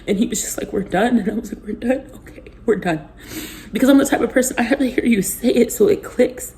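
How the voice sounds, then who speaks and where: A woman vlogging to her viewers, emotionally exhausted and close to tears, her talk halting and often dropping to a near whisper. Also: fairly high pitch, dark tone, a little hiss or hum. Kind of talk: emotional personal vlog.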